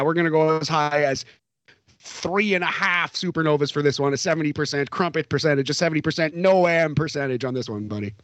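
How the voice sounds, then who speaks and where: A man's voice: on the high side, no echo, dull audio. A man co-hosting a podcast, chatting casually and jokily about a wrestling show and laughing often. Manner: animated, jokey, laughs often. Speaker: podcast co-host. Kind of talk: casual wrestling recap chat.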